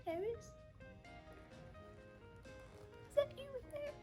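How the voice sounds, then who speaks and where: A woman's voice: extremely high pitch, expressive, brisk, dark tone, faint music behind. A woman playing a vain, melodramatic jilted rich wife, swinging from prim bragging to shrieking theatrics. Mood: panicked. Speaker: reality show cast member being interviewed.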